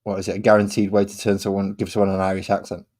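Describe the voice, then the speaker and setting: A man's voice: deep voice, monotone, racing, darkish tone. Rambling Manchester man chatting while painting. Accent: Manchester English. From England. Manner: rambling, sings and hums to himself, repeats phrases, laughs at himself. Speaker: miniature painting streamer. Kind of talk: casual chat while painting.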